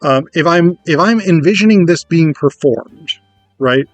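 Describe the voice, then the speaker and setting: A man giving a casual, animated lecture on theatre, chatty and casually profane. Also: fairly high pitch, a little slow, no room sound, dull audio, faint music behind. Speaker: theatre educator.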